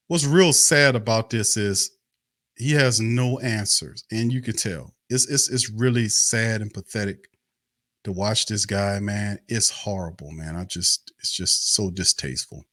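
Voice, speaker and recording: A man's voice: lowish voice, a little slow, a bit bright, no room sound, clean studio sound. A man hosting a sports talk livestream, ranting about his team with angry, exasperated, profane talk and lots of repetition. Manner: profane, exasperated, repeats himself. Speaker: sports talk show host.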